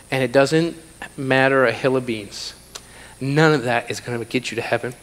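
A man's voice: a little high, a bit bright. A man preaching a sermon in a church, emphatic, repeating phrases for stress. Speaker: pastor. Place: church sanctuary. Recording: long hall reverb.

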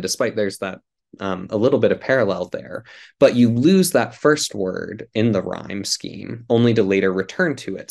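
A man's voice: lowish voice, vocal fry, a little mellow. A man giving an academic literature lecture, explaining patiently to an audience with frequent ums and small self-corrections.

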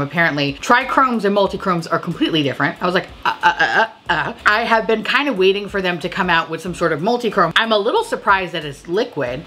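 A woman hosting a casual beauty chat, talking about makeup releases with heavy swearing, laughter and tipsy, excitable gushing. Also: lowish voice. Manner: animated, swearing, laughing, drinking. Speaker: beauty video host.

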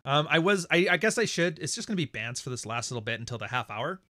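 A man's voice: a little high, big pitch swings, fast, sharp tone, no room sound, studio quality. A Canadian man hosting a casual livestream, talking in a blunt, profane, rambling way. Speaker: podcast host.

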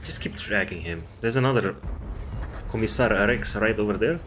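Man, game commentator, lowish voice, casual rambling commentary, swears a lot. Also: normal speed, a bit bright, a little hiss or hum. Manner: rambling, chatty, swears freely. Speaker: gameplay commentator.

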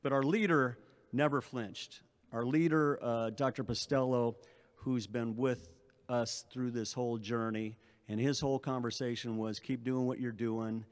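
Middle-aged man, athletic director at a podium, rambling thanks, mid-pitched voice. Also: fairly even intonation, a little slow, smooth. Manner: rambling thank-yous with many restarts. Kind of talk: press conference speech.

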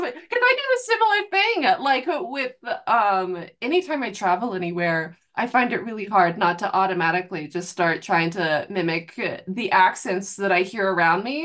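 A woman's voice: mid-range voice, animated, moderate pace, fairly bright tone. A woman hosting a podcast interview, chatting casually in an enthusiastic, giggly way. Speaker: podcast host.

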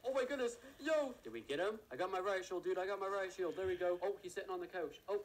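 A man giving live commentary on a game he is playing, excitable and gasping often, talking to his viewers and teammates. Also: high-pitched, quick pace, slight background noise, rough recording. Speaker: gaming video creator.

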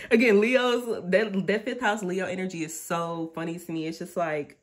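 A woman on the low side of pitch, speaking at a moderate pace, reads tarot casually for her audience. The delivery is animated, talkative and slangy. She often interrupts herself to dramatize quoted thoughts.

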